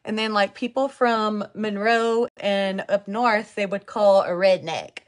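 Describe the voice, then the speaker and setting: A woman from Louisiana, speaking in a thick Cajun accent, runs a live makeup tutorial as a vlogger. Her mid-range voice stays steady and measured, and she chats away, talking to viewers and reading comments aloud.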